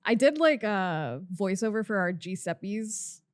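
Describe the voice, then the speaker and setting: A woman's voice: mid-range voice, sing-song, a little slow, no echo. A woman on a podcast, chatting casually and giggling between stories. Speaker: podcast regular. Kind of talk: casual chat.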